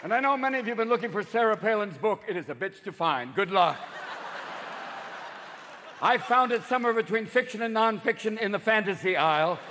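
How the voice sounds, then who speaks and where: A man in his fifties doing stand-up comedy, rapid and profane, jumping between voices. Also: high-pitched, lively intonation, pushed and bright, long reverb tail. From United States. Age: 50s. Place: large theater stage. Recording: live theater show with crowd noise.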